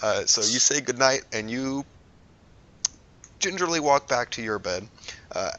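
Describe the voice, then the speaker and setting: Bright-voiced man running a tabletop game. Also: mid-range voice, lively intonation, unhurried. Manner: hesitant, lots of ums and restarts while describing scenes. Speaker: game master. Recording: dull lo-fi recording.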